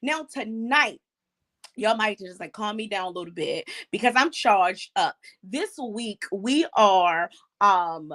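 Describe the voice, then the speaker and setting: A middle-aged woman hosting an online talk show, energetic and preacherly, with many fillers. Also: medium pitch, slow pace. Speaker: host.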